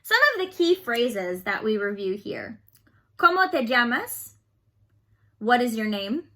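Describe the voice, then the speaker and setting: Bright-voiced woman teaching Spanish. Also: a little high, very animated. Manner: patient, slow explaining, repeat-after-me drills. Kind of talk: online class lesson.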